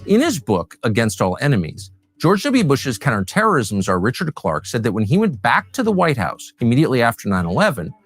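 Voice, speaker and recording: A man reading a scripted documentary narration with a measured, pointed delivery. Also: medium pitch, wildly swooping pitch, husky.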